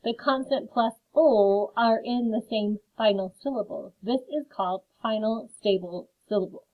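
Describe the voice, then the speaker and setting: A woman teaching a phonics lesson to children, slowly sounding out word parts. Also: fairly high pitch, darkish tone. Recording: phone-like narrow sound.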